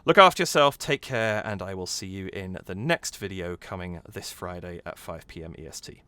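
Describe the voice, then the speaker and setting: A man's voice: deep voice, normal speed, sharp tone, smooth, dry recording. A man hosting his own channel, talking casually and enthusiastically, with plenty of restarts as he breaks down a lyric. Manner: enthusiastic, analytical, with frequent restarts. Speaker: channel host reacting to a song. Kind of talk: casual talk about musical theatre.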